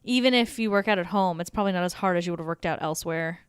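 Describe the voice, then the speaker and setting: A woman co-hosting a podcast, talking in a relaxed, responsive casual chat. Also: lowish voice, rapid-fire, smooth, dry recording. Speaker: podcast co-host. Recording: dry close recording.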